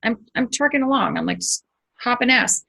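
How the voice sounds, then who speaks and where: A woman's voice: fairly high pitch, animated, a little fast, creaky, sharp tone, low-quality recording. A middle-aged woman hosting a spiritual channel, telling a story casually, swearing freely and acting it out with sound effects.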